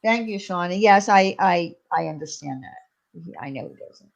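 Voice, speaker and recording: A woman guest talking casually and gently over a call, giving easy advice. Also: on the low side, expressive, a little slow, vocal fry. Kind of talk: casual chat. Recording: lo-fi call audio.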